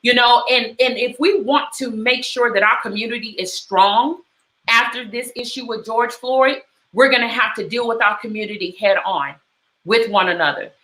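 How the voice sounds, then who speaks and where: A woman's voice: on the high side, normal speed, fairly bright tone, echoey room, rough recording. A middle-aged woman hosting a talk, speaking with passion and retelling a story in repeated, emphatic phrases. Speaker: host. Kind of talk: personal commentary talk.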